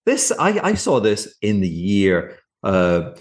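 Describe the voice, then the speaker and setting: A man's voice: on the low side, slow. A middle-aged man and former fund manager giving cranky, mocking commentary on a TV interview he is watching. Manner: mocking, cranky, animated asides. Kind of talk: sarcastic reaction commentary.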